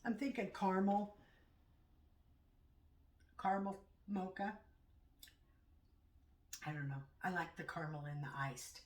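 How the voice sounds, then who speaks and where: Rambling woman in an echoey room. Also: fairly low pitch. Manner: rambling, halting, chatty. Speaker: vlogger. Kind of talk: casual vlog chat. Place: home. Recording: echoey room, far from mic.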